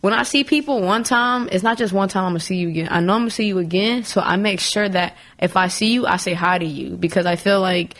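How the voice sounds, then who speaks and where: A woman's voice: medium pitch, fast, few pauses, fairly bright tone. A woman poet, a podcast guest who rambles casually, full of "like" and giggles. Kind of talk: casual interview chat.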